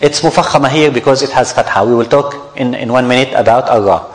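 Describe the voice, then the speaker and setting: A man's voice: medium pitch, fast talker, echoey room, in a large hall, poor audio. A man teaching a tajweed lesson, repeating each example word patiently to his students. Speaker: Quran recitation teacher.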